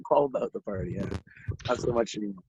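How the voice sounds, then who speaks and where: A man's voice: medium pitch, wildly swooping pitch, a little fast, vocal fry, darkish tone, highs cut off, a little hiss or hum. A young man telling rambling stories in casual chat, laughing through them and swearing a lot. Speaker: guest.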